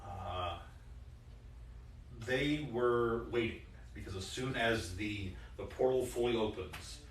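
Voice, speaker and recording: A man's voice: mid-range voice, slow pace, slight background noise. A man narrating a tabletop game as game master, casual and rambling with many fillers. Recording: roomy echo from a distant mic.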